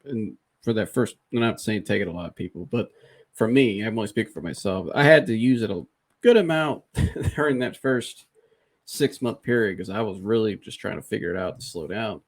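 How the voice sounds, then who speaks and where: A man hosting a podcast, casually and candidly retelling a personal experience in an animated, conversational way. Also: lowish voice, brisk. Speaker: podcast host.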